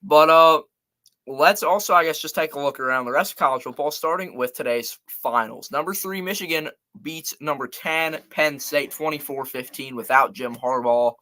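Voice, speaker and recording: A man's voice: on the high side, normal speed, bright, forceful tone. A man hosting a casual live college football show, chatting loosely and reeling off scores and stats. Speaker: sports show host.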